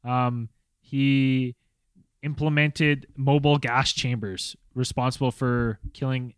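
A man in a casual podcast chat, halting, with many pauses and fillers as he works through a list. His pitch is ordinary for a man. The recording is dry and close. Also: steady tone, clean tone, no room sound. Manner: halting, reads names from notes. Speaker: podcast co-host.

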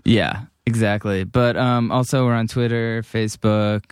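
A man's voice: lowish voice, a little slow, clear, resonant tone, dry recording. A man co-hosting a podcast in a studio, chatting casually and joking around. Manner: joking, animated. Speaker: podcast co-host. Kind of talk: casual chat. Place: recording studio.

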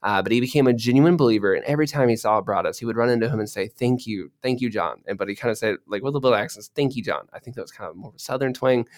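A man introducing a recorded sermon in a casual, conversational way, telling stories loosely with fillers. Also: fairly low pitch.

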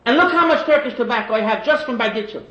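A man voicing a pious, stubborn old Hasidic rebbe inside a sermon story, with a very high voice. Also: expressive, fast talker, sharp tone, a little hiss or hum, heavily acted. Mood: fervent. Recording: echoey and dull lo-fi.

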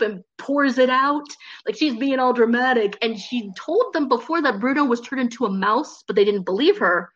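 A woman chats casually with a co-host about a movie, animated and quick to act out quoted lines in high voices. The audio is muffled and lo-fi.

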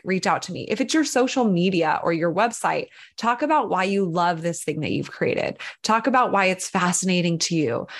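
A woman talking casually on a podcast as a guest, explaining ideas earnestly and acting out imagined quotes, with many "like" fillers. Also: mid-range voice.

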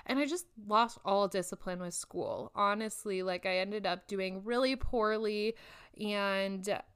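Chatty young woman podcaster, smooth voice. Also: medium pitch, unhurried, a bit bright. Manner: candid, chatty, frequent "like" fillers, occasional swearing. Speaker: podcast host. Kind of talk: casual solo podcast monologue.

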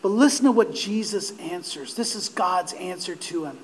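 A man preaching a sermon, impassioned, swelling to near-shouts on quoted cries of despair. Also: sits high, animated, moderate pace, slight background noise, poor audio.

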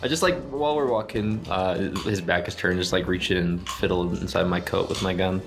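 A man's voice: low voice, steady tone, a little fast, music in the background. A man playing a tabletop game, speaking casually. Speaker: player.

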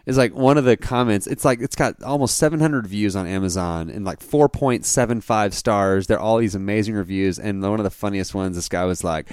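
A man in his thirties, a podcast co-host chatting casually and telling an animated story, often laughing. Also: lowish voice, brisk, few pauses, clear, resonant tone, dry recording, clean studio sound. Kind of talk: casual chat.

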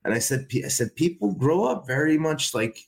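A man's voice: on the high side, lively intonation, a little fast, gravelly. Rambling man, casual podcast guest. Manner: rambling, many repeated fillers and restarts. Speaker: podcast guest, wrestling commentator. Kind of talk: casual conversation.

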